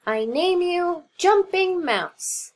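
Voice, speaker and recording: A woman voicing a gravelly, wise female magic frog in a storybook read-aloud, talking slowly and calmly. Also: very high voice, pitched above the performer's own voice, heavily acted. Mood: kindly.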